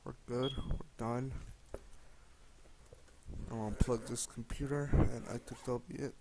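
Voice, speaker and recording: A young man rambles to his camera in a slow, unhurried drawl, swearing and slipping into slang as he half talks to himself. His voice has a gravelly edge. Heavy background noise sits under the whole recording. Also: medium pitch, fairly even intonation. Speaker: vlogger. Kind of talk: casual late-night chat to camera.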